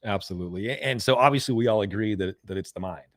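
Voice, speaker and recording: Speaking fast in a lowish voice with no room sound, a man in his forties, an American mental performance coach, is a guest telling stories in a conversational interview. He's animated, repeats words a lot, and loudly performs the voices of people he quotes.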